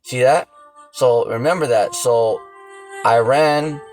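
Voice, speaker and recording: A man's voice: mid-range voice, takes it slowly, darkish tone, soft background music, poor audio. A man preaching off the cuff in a blunt, profane rant. He keeps asking the listener "see that?" and "you know?". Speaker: religious teacher.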